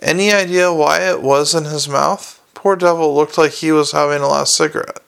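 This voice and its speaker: A man reading an audiobook, voicing a weary police commander who talks in a brisk, dry, impatient way. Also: a little high, fairly even intonation, gravelly, a bit bright, clean tone.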